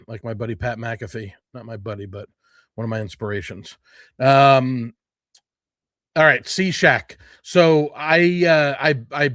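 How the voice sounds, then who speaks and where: A man of middle pitch chats through a food event update in a loose, unscripted way. He fills the gaps with ums and corrects himself as he goes. The sound is dry and close, with no room around it. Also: a bit bright, no room sound. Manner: rambling, filler-heavy, self-correcting. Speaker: food blogger host. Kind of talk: casual update to followers. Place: his home.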